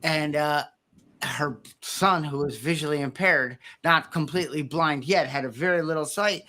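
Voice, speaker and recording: A podcast host telling an animated story in casual conversation, laughing easily. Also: medium pitch, normal speed.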